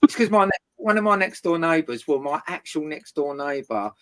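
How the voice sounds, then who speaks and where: A guest tells a long neighbour feud story in casual chat. The voice sits in a middle register. The delivery is loud and lively, with constant swearing. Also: mid-range voice, fairly quick. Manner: swears constantly, animated retelling.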